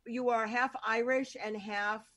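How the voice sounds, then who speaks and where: A woman's voice: fairly high pitch, steady tone, a little slow, a bit bright. A woman hosting an interview podcast, chatty and rambling, with lots of filler words. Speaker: host. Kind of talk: casual interview chat.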